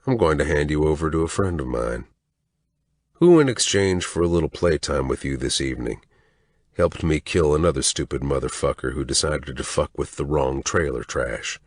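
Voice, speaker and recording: A man's voice: very deep voice, moderate pace, no echo, clean studio sound. A man narrating a story in a menacing, crude voice. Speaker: audiobook narrator. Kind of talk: scripted narration.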